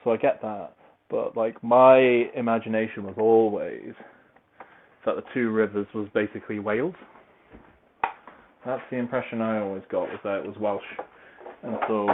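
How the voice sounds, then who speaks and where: A man's voice: fairly low pitch, fairly even intonation, moderate pace, long pauses. A man talking in a casual, meandering, self-deprecating monologue while he moves about tidying his home. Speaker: podcaster reviewing a book series. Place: at home, large open-plan room. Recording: tinny phone-like recording, faint noise.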